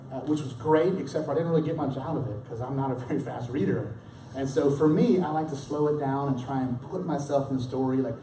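A pastor with a dark-toned, mid-range voice preaches in a roomy church hall, caught by a distant mic with slight background noise. Young adult or middle-aged, he speaks conversationally, frequently restarting and acting out the story's lines with drama.

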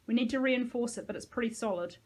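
A woman reading aloud and voicing a tense, practical young woman in a brisk, terse manner. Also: on the high side, darkish tone, slightly rough.

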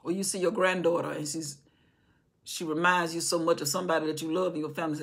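A woman's voice: low-pitched, fairly even intonation, fairly quick, creaky, fairly bright tone, breathy edge. A woman teaching an informal Bible study indoors, talking conversationally with rhetorical questions and frequent restarts. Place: indoor room with candles.

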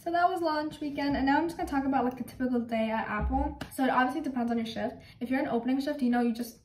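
A young woman telling stories from her old job in a casual, animated and exasperated way. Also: high voice, very fast, slight background noise. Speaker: vlogger. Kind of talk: casual storytelling. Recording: echoey room, mic at a distance.

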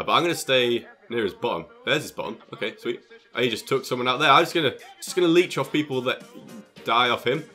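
A young man with an excitable, jokey manner, commentating on his own gameplay and exclaiming often. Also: mid-range voice. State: out of breath. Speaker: gaming YouTuber.

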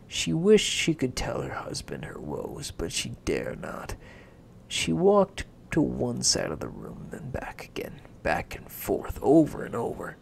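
A casual storyteller reads a fairy tale aloud into a home microphone, playful and chatty. The voice is gravelly and slow, with very lively swings in pitch. A faint noise sits behind it. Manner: playful, self-interrupting.

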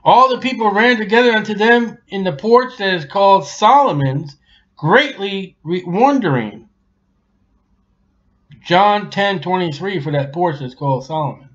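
A man preaching an expository sermon in a lively, colloquial way, swinging between loud and hushed. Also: high-pitched, measured pace. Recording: dull lo-fi recording.

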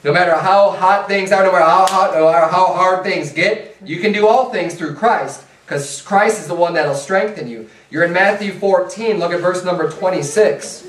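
A man with a high, slightly bright voice preaches a casual, conversational sermon at a moderate pace, hardly pausing and full of rhetorical asides like a repeated "right?" and "hey." He's in a church sanctuary, recorded from a distance with lots of echo.

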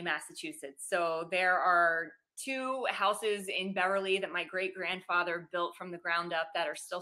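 Brief: woman sports reporter guest, gracious and friendly, lowish pitch, bright crisp tone. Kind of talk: casual interview chat.

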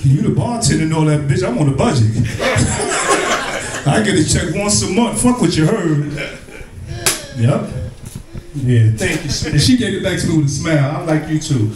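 A man doing stand-up comedy, telling loose, profane, animated stories and bantering with the crowd. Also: on the high side, normal speed, pauses often, recorded from a distance. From Brooklyn, New York. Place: comedy club. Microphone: handheld stage mic. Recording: echoey club recorded from afar, crowd.

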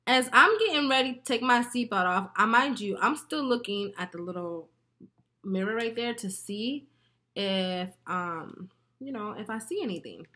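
Bright-voiced woman telling a wild story. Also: a little high, normal speed. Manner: animated and profane, laughing often. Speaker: beauty vlogger. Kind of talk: casual storytelling while doing makeup.

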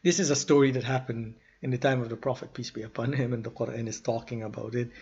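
Man, grammar teacher, husky voice, dull lo-fi sound, quick recitation then slow halting explanation. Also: mid-range voice, steady tone, a little mellow. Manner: reads verses quickly, then explains slowly with pauses and self-corrections. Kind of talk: informal grammar lesson.

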